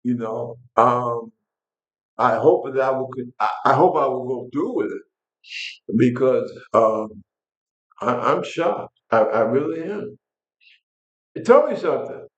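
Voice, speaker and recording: A man's voice: mid-range voice, animated, takes it slowly, long pauses, roomy sound, dull audio. An older man from New York, angry and blunt, ranting casually to his viewers with frequent restarts. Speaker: vlog host. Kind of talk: casual political rant to camera.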